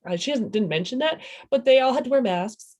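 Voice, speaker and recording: A woman's voice: on the high side, lively intonation, a little fast, darkish tone. A woman, a parent talking casually in an oral history interview, rambling and breaking off her sentences. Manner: rambling, self-interrupting, laughs often.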